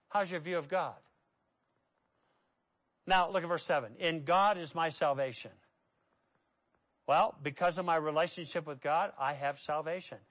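A man preaching a sermon, building to loud emphatic peaks and then dropping to a low, quiet delivery, with a repetitive cadence. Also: moderate pace, long pauses. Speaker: pastor.

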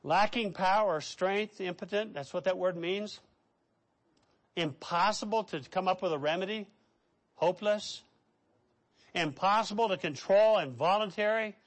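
Male preacher, high voice, emphatic lists and direct questions, swings loud to soft. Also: a little slow, long pauses. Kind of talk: sermon.

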